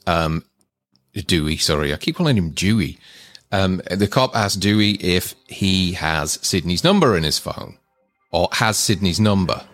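Deep-voiced man chatting casually. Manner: relaxed, hesitant with frequent ums. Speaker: podcast co-host. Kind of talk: casual film review chat. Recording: faint synth music behind.

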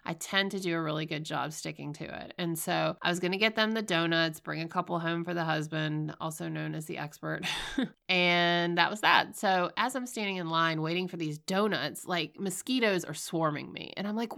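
Woman, forties, podcast host, stuffy nasal voice, gravelly low tone, candid and animated. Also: moderate pace. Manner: candid, swearing, laughs at herself, animated storytelling. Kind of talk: casual solo podcast monologue.

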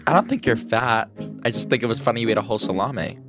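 A man's voice: medium pitch, lively intonation, fast, music in the background. A young man telling a prank story in a rambling, casual way, laughing as he goes. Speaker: guest grandson. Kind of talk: casual anecdote.

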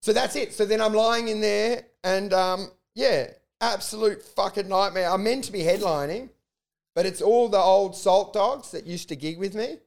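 A man's voice: high voice, normal speed, gravelly. A man telling a rambling story in casual chat, swearing a lot and acting out what people said. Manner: profane, animated storytelling with acted-out quotes. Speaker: comedian.

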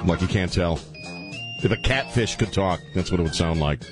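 A man from Louisiana hosting a talk radio show, ranting bluntly and rambling with animated swings. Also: deep voice, moderate pace, over music. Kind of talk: opinionated talk radio monologue. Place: radio studio.

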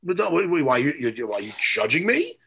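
A man's voice: fairly high pitch, very animated, a little fast, creaky, pushed and bright, breathy edge. A middle-aged man, hosting a podcast, rambling and swearing as he tells stories. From New York. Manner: profane, rambling storyteller. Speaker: podcast host. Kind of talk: casual chat.

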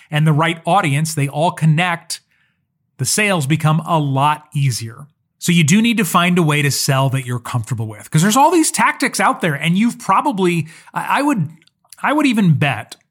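A man with a fairly high voice talks through a solo podcast episode as a social media coach. His delivery is earnest and conversational, and he drops in personal asides as he teaches. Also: fairly bright tone.

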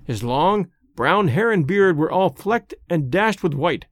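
A man narrating a story audiobook in a measured, expressive way. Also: high-pitched, no echo, clean studio sound.

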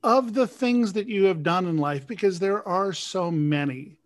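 A man hosting an interview, asking reflective questions in measured, philosophical phrasing. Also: sits high. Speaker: interview host.

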